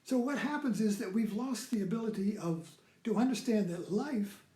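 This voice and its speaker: A man's voice: high-pitched, expressive, normal speed, dark tone. Rambling man lecturing in an echoey room. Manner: rambling, repeats "you see" often. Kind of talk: informal lecture.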